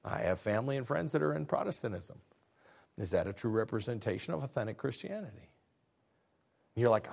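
Pastor, male, 50s, animated sermon delivery with rhetorical questions. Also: mid-range voice, a little fast, gravelly, breathy edge. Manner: preaching with rhetorical questions and acted-out dialogue.

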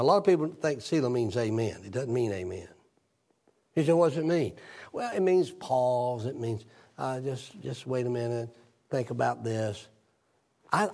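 Possibly an older male pastor, he preaches a sermon in a husky voice, telling a personal story and reading scripture aloud. For emphasis he lets his voice drop low and soft.

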